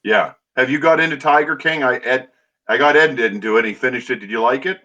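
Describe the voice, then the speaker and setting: A man's voice: mid-range voice, quick pace, pushed and bright, highs cut off. A man hosting a casual chat show who talks in a chatty, playful way, ribbing his co-host.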